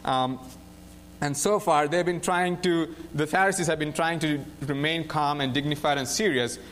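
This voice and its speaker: A young man preaches in a relaxed, conversational way, retelling a Bible story with lots of "like" and "right?" tossed in. His voice sits a little high for a man. A faint hum runs underneath. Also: normal speed. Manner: animated storytelling with frequent "like" and "right?".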